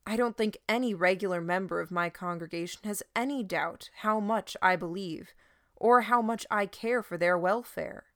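A woman reading the part of a calm, persuasive male preacher in a dry studio recording. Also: medium pitch, no echo, natural voice. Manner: calm, measured.

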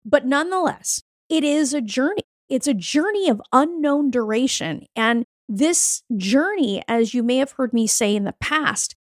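A woman's voice: high voice, dry recording, clean studio sound. A woman hosting a podcast as a fertility coach, giving a blunt, profane, hyped-up motivational pep talk. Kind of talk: motivational solo podcast monologue.

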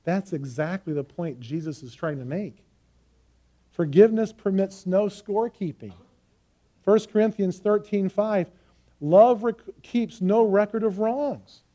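A man preaching a sermon and teaching a parable, earnest and emphatic, slowing down to stress key phrases. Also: high voice, warm tone.

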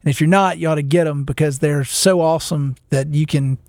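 A man in his thirties hosting a podcast, telling a long, rambling story in a casual, animated way and laughing as he goes. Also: fairly high pitch, a little fast, dry recording, studio quality. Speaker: podcast host.

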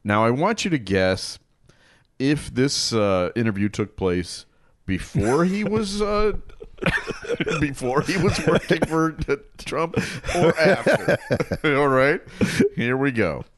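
A man's voice: mid-range voice, animated, slow, dry recording. A man hosting a podcast, upbeat and chatty, introducing guests and segments. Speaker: podcast host. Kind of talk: casual podcast chat.

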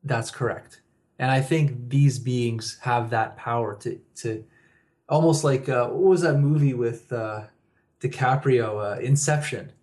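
A man's voice: mid-range voice, a little slow, darkish tone. A man who is a guest author on a radio interview, telling personal stories and chuckling often.

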